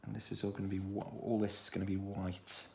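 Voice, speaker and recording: A man with a Stoke-on-Trent accent, talking through a children's drawing tutorial in a relaxed way, thinking aloud as he draws. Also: low voice, fairly quick, creaky, a little hiss or hum. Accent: Stoke-on-Trent English. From England. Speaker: art tutor.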